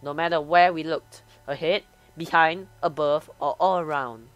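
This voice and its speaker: A woman's voice: low voice, steady tone, normal speed, clear, resonant tone, muffled recording, soft background music. A woman hosting a gaming channel, reading a visual novel aloud and voicing every character herself.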